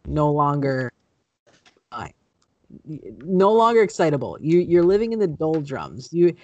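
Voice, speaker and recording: A man's voice: a little high, sing-song, measured pace, darkish tone, no room sound, highs cut off. A man co-hosting a podcast, throwing in dry, wry asides during casual banter. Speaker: podcast co-host.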